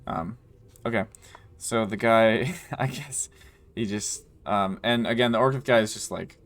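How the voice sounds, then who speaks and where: A man narrating as game master in a casual, laughing way, slipping into quick character voices. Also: lowish voice, bright, forceful tone.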